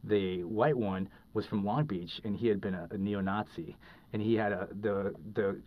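A man's voice: lowish voice, moderate pace. A man, a podcast guest, telling a story in casual, rambling talk full of fillers and restarts. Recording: dull lo-fi recording.

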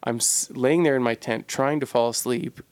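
Gravelly-voiced man telling a reflective story. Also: medium pitch, fairly even intonation, moderate pace, a little mellow, no room sound. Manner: earnest, reflective, searching for words. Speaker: podcast co-host telling a personal story. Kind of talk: casual storytelling.

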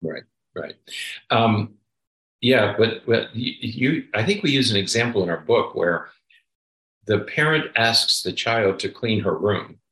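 A man's voice: fairly low pitch, lively intonation, measured pace, fairly bright tone, roomy sound, poor audio. A man co-hosting a parenting podcast, speaking emphatically and checking in with "okay?" as he makes his points. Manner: emphatic, repeats "okay?" to drive points home. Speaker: podcast co-host, psychologist. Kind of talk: casual advice chat.

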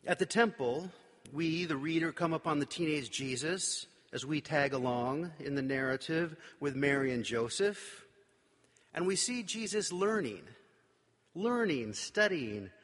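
A man's voice: fairly high pitch, fairly bright tone, slightly rough. A male pastor giving a sermon in a conversational, wry way, with playful asides. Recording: long reverb of a large hall.

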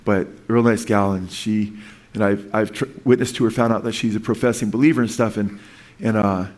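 A man's voice: fairly low pitch, fairly even intonation, brisk, darkish tone. A man preaching a sermon in an earnest, rambling way, with frequent restarts and asides to his listeners. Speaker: pastor.

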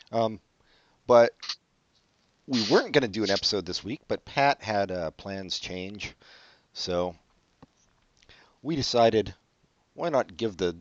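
A man's voice: on the low side, animated, slow, long pauses, no room sound. A man co-hosting a casual late-night podcast chat, joking and punning as he rambles. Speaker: podcast co-host. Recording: dull lo-fi dry recording.

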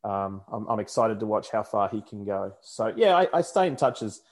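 Deep-voiced Australian man chatting. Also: big pitch swings, normal speed. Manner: rambling, self-correcting, chuckling. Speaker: motorsport commentator. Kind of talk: casual chat.

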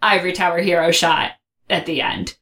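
A woman co-hosting a podcast in casual chat, laughing often and recapping scenes quickly. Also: on the low side, a bit bright. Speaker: podcast co-host.

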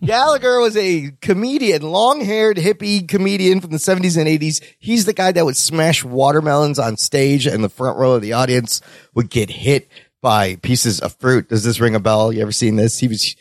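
A man's voice: a little high, moderate pace, dry recording, studio quality. A man hosting a podcast in casual chat, talking eagerly with many restarts. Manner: talkative, enthusiastic, many restarts. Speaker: podcast host.

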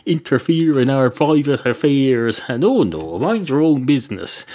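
A man's voice: medium pitch, very animated, a little slow, mellow. An Irish man voicing an indignant, argumentative male cat ordering a pint in a pub, in a comedy podcast.

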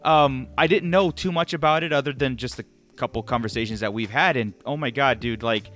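A man's voice: mid-range voice, brisk, a bit bright, faint music behind. A young man co-hosting a casual film review chat, rambling enthusiastically with lots of fillers. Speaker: podcast co-host.

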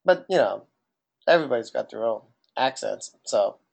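A man's voice: mid-range voice, expressive, moderate pace, creaky, breathy edge. A young man from New Jersey with a New Jersey accent, co-hosting a casual podcast and asking questions between anecdotes. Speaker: podcast co-host. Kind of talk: casual chat.

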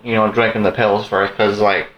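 A man's voice: fairly low pitch, little pitch movement, moderate pace. A man co-hosting a casual podcast, rambling agreeably with many fillers. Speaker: podcast co-host. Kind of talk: casual chat. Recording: echoey room, dull lo-fi sound.

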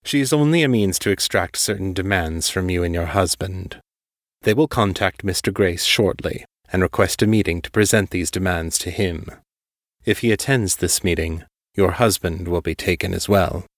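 A man voicing a deep, cultured crime lord on the phone. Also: dry recording, studio quality. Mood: coolly controlled. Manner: calm, carefully controlled, slow.

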